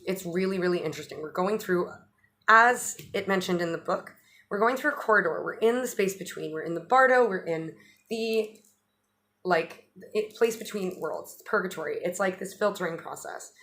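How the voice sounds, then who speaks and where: A woman talks through an astrology update in a loose, chatty way, her voice sitting at an ordinary middle pitch. She restarts phrases often and lets the odd swear slip in. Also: a bit bright. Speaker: astrologer vlogger.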